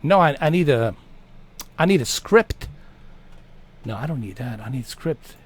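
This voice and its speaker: A man's voice: mid-range voice, animated, unhurried, slightly rough. A man hosting a gaming channel, chatting in a casual, rambling way and swearing freely.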